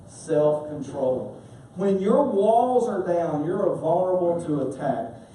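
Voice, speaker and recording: High-voiced pastor in an echoey hall. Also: male voice, slight background noise. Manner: humorous, animated storytelling. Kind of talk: sermon. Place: church sanctuary. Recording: echoey church hall from far off.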